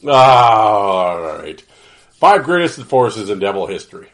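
A man with a somewhat low voice that sounds nasal and congested, as though he can't breathe through his nose. He talks in a loose, rambling way, full of "um"s and false starts, like a casual podcast host chatting alone. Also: big pitch swings, unhurried, a bit bright. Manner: rambling, lots of fillers and restarts. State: stuffy nose, nasal from allergies. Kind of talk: casual solo podcast talk.

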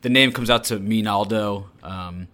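A man's voice: fairly low pitch, moderate pace, pushed and bright. A man co-hosting a casual football podcast, rambling with fillers and dry jokes. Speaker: podcast co-host.

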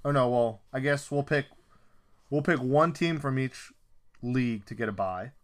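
A man in a casual sports chat who talks excitably, swears freely and rattles off lists of teams. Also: medium pitch, moderate pace.

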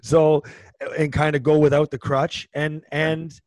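A man's voice: a little high, little pitch movement, measured pace, darkish tone, no echo. A man co-hosting a podcast, telling stories in a rambling, casual way full of restarts. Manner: rambling storyteller with many restarts. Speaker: podcast co-host, former hockey player. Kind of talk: casual chat.

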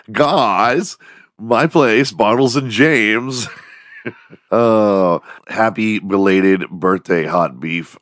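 A man's voice: low voice, no echo, clean studio sound. A man, hosting a casual, profane monologue podcast with a strained, worn-out voice. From Texas. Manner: profane, jokey, animated storytelling. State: strained, losing his voice. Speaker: podcast host.

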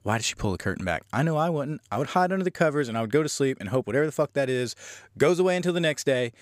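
Talking very fast in a mid-range voice, a man from Southern Louisiana recaps a horror movie on his podcast, the audio studio quality with no room sound. He rambles and swears, telling the story in an animated, casual way.

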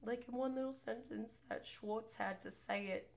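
A woman's voice: on the high side, moderate pace, creaky. A woman hosting a podcast, recapping reality TV in a gossipy, opinionated way and swearing freely. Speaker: podcast host.

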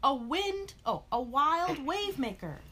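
A woman's voice: high voice, big pitch swings, slow, pushed and bright, pitched above the performer's own voice, exaggerated voice. A woman reading aloud, voicing a boastful, sneaky male rival truck who cheats, in a smug, scheming way.

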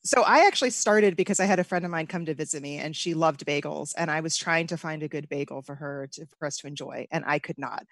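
A woman's voice: low-pitched, fast, few pauses, no echo. Chatty woman bakery owner, dry sound. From United States. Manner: chatty, laughs easily. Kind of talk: casual interview.

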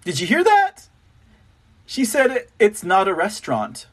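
Male show host, high voice, scornful and mocking commentary. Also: wildly swooping pitch, unhurried, a little hiss or hum. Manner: scornful, mocking, repeats words. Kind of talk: opinionated commentary.

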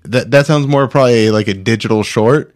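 A man hosting a comedy podcast in casual banter. He needles his co-host, swears freely and breaks into laughter, with a middle-pitched everyday voice. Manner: pushy, teasing, profane, quick to laugh.

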